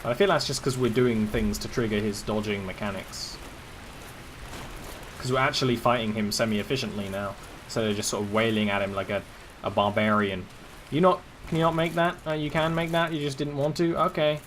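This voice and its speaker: English male streamer, middle pitch, casual rambling game commentary with asides to chat. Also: steady tone, brisk, fairly bright tone, slight background noise.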